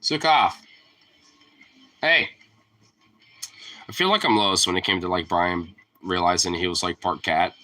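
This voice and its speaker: A young man rambling casually to his dog at home, profane and teasing, jumping into a high squeaky voice to call the pet. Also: a little slow, pauses often, bright, forceful tone. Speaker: vlogger talking to his dog. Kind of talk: casual chat.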